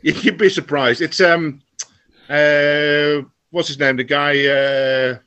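A man's voice: fairly high pitch, fairly even intonation, slow, pushed and bright, clean tone, dull audio. A middle-aged man from England chatting casually, hesitant and full of fillers. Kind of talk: casual chat.

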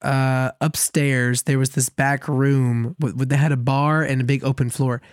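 A man co-hosting a podcast, telling a long story in a casual, animated way, laughing at himself often. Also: medium pitch, unhurried, smooth, dry recording, studio quality. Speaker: podcast co-host.

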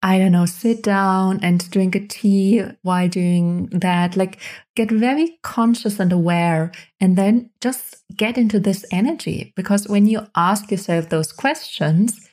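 A woman's voice: mid-range voice, measured pace, darkish tone. A woman hosting a podcast, giving motivational self-help advice in an encouraging, repetitive way, speaking straight to the listener into a microphone. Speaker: podcast host. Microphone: studio microphone.

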